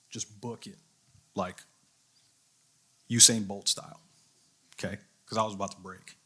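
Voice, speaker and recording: A youth leader preaching to young people, a man with a somewhat low but bright, forceful voice. He tells his story earnestly and voices his own inner thoughts as he goes. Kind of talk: sermon.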